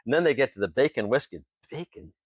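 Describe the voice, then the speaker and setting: A man's voice: mid-range voice, racing, husky, dry recording, lo-fi sound. A man from Washington State, a distillery owner, telling folksy stories as a guest in a casual interview, chuckling between lines and acting out what other people said. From Tenino, Washington. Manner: lively storyteller who acts out other people's lines.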